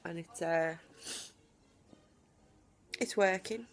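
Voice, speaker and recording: A woman talking straight to camera from home in a personal video diary, emphatic and defiant, with deliberate pauses. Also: lowish voice, soft background music. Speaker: vlogger.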